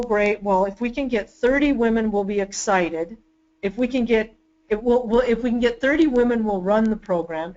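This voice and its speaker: A woman's voice: medium pitch, dull audio. Enthusiastic woman presenting a webinar. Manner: enthusiastic, storytelling with quick restarts. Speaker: webinar presenter, department chair. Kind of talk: webinar talk.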